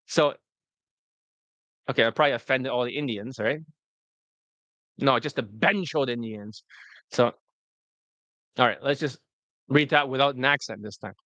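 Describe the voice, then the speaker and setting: Man, casual coaching stream, mid-pitched voice, retakes flubbed lines, swears, says "right?" a lot, dry sound. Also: moderate pace, long pauses, pushed and bright, no echo, dull audio. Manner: reads answers aloud, stops and retakes lines; cusses freely, asks "right?" as he talks. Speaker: dating coach.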